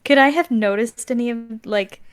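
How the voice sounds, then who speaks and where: Woman player, a bit high-pitched, hesitant and questioning. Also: moderate pace. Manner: tentative, questioning.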